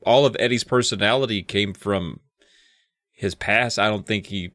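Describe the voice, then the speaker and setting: A man's voice: fairly low pitch, normal speed, fairly bright tone, no room sound, studio quality. A man co-hosting a podcast, recapping a book in a laid-back, joking way and swearing freely. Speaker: podcast co-host. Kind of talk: casual chat recapping a book.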